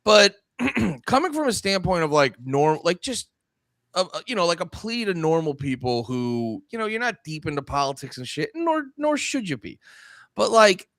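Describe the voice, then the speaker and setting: A man's voice: fairly high pitch, big pitch swings, moderate pace, a bit bright, no echo, studio quality. A man co-hosting a comedy podcast, crude and mocking in casual chat. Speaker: podcast co-host.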